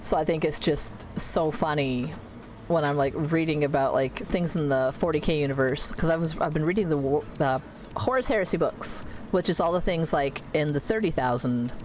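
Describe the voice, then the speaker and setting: Low-voiced chatty woman streamer. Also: moderate pace, darkish tone, a little hiss or hum, poor audio. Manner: rambling, chatty, self-correcting. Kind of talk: casual gameplay chat. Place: home computer room.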